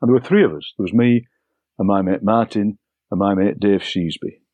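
An older man, a poet, telling anecdotes in a relaxed interview and acting out overheard phrases. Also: on the low side, brisk, no room sound. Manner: chatty, anecdotal, acts out overheard lines. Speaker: poet and broadcaster, interview guest. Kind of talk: relaxed storytelling conversation.

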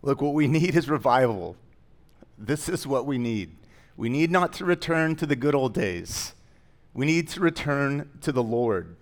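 A man's voice: medium pitch, animated, a little slow. A man pastor preaching a sermon in a conversational way, with joking asides that rise into emphatic declarations.

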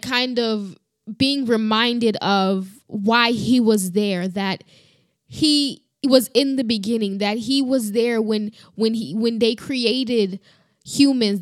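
A woman's voice: on the high side, dry recording. Woman talking through a bible passage, earnest, stops and restarts a lot, gets emotional, dry close sound. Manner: earnest, halting, many restarts and "you know". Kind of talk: personal Bible reflection.

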